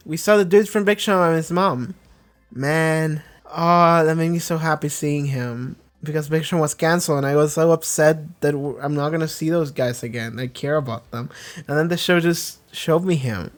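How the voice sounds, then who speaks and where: A young man giving casual, excitable commentary on an anime episode, swearing freely and piling up fillers and restarts. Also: fairly high pitch. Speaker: anime reaction host.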